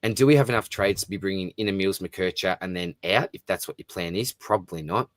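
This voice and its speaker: The host of this fantasy football live stream speaks briskly in a low voice, with clean studio sound and no room sound. Chatty and matey, he works through viewer comments and calls everybody "mate."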